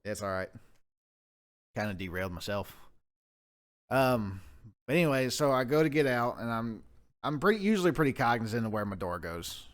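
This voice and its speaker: A man's voice: medium pitch, very animated, normal speed, pauses often. A man co-hosting a podcast, telling a rambling, profane story in casual chat. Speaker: podcast co-host.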